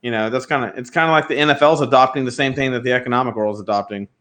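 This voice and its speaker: A man co-hosting a casual sports talk show, animated and slangy, often slipping into quoting others. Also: mid-range voice, very fast. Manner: animated, slangy, quotes others in put-on voices. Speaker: sports podcast co-host. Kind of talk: casual chat.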